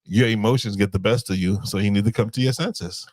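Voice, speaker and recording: A man's voice: lowish voice, a little fast, darkish tone, dry recording. A man co-hosting a married couple's podcast, talking casually and rambling as he searches for words. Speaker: podcast co-host. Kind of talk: casual chat.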